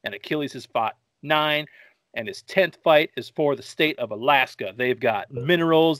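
A man's voice: mid-range voice, normal speed, fairly bright tone, no room sound. A man hosting a casual movie-review podcast, rambling through the plot with jokes and swearing. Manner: joking, profane, rambling. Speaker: podcast host.

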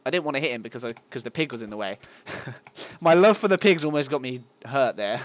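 A man's voice: mid-range voice, lively intonation, a little fast, no room sound. A man giving casual, self-mocking let's play commentary and talking to his viewers. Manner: yelps at game monsters. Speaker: gaming channel host.

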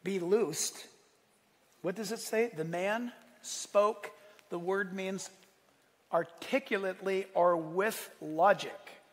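A man preaching a sermon, lively, acting out quotes and asking his listeners questions. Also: sits high, takes it slowly, long reverb tail. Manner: animated preaching, acts out quotes, asks the room. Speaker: pastor.

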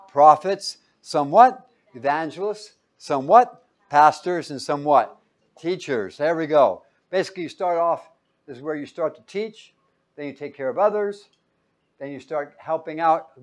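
A man preaching a Bible-teaching sermon, reading verses loudly and pausing for his listeners to call out the missing word. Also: a little high. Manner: quizzing listeners with fill-in-the-blank questions; emphatic, loud when reading scripture aloud.

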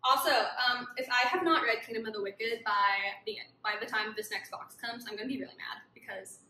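Gushing woman vlogger, high bright voice, kinda echoey room, talking right to her viewers. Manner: gushing, excited, talks to viewers. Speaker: book vlogger. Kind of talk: casual unboxing chat. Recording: echoey room with faint background noise.

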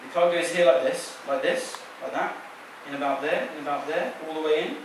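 A man's voice: a little high, brisk. Man, stage magician, playful teasing patter, distant mic, theater hum behind. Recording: echoey theater sound from a distance.

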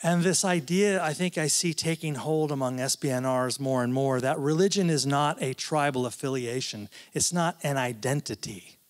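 A man's voice: medium pitch, moderate pace, hardly any pauses. A man, a professor, giving a conversational talk at a church, with asides and frequent restarts. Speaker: guest speaker, professor.

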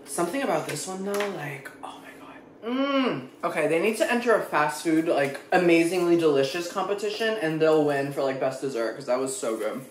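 A man's voice: on the high side, lively intonation, normal speed, few pauses, slight background noise. A young man in a casual food-tasting vlog, talking dramatically and expressively, swearing freely as he reacts. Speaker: food vlogger. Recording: echoey room.

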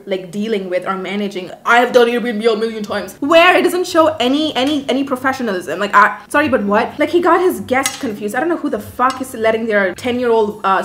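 A young woman vlogger telling a storytime rant, animated and profane, dramatizing every detail. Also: medium pitch, echoey room, slight background noise.

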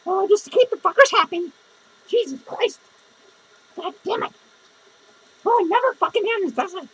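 Penny, a man doing a squeaky drunk clown lady. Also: lively intonation, moderate pace, fairly bright tone, low-quality recording. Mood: cranky. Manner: cursing constantly, rambling, grumbling. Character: foul-mouthed drunk lonely female clown. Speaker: podcast host character. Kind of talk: improvised comedy monologue.

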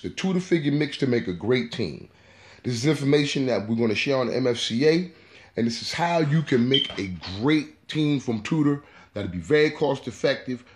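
A man's voice: mid-range voice, animated, normal speed. A man hosting his own hobby channel, giving a casual, repetitive how-to talk full of "you know". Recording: echoey room.

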